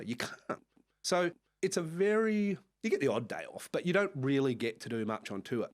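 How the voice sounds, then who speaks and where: A man's voice: on the high side, brisk. Australian man telling tour stories. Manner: animated anecdotes with frequent laughs and acted-out quotes. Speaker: music manager guest. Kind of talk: casual storytelling chat.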